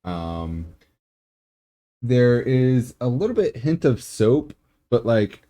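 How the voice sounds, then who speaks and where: A man reading out his whisky tasting notes in a methodical, measured way with frequent ums. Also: medium pitch, very animated, warm tone. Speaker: whisky taster.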